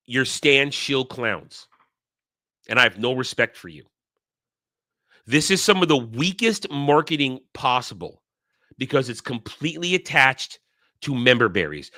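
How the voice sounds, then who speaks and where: A man's voice: mid-range voice, sharp tone, no room sound, clean studio sound. A man giving sarcastic, scornful commentary in a rant, often repeating his phrases. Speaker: online commentary host. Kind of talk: ranting commentary.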